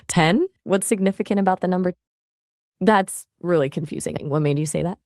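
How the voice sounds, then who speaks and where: A chatty, polite woman's voice as an AI assistant, talking casually and asking follow-up questions. Her voice sits a little low. The sound is close and dry. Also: moderate pace, a little mellow, dry recording. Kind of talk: casual chat.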